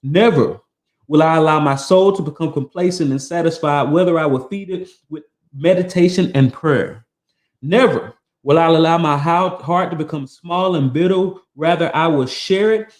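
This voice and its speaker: A man's voice: fairly high pitch, moderate pace, a little mellow. A man hosting a podcast, reading a motivational text aloud in an earnest, emphatic way and breaking off for casual asides. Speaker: podcast host.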